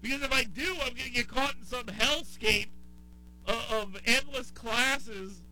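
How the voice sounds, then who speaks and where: A man from the American South hosting a talk radio show in casual chat. He rants with exasperation and circles back to the same point. His voice is high and bright with real edge. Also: measured pace, rough recording. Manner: exasperated ranting with repetition.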